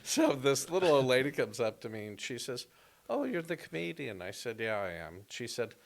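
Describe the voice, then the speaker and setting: A man's voice: medium pitch, fairly quick. A man who works as a comedian, telling stories and joking in a casual podcast conversation. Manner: storytelling, animated and joking.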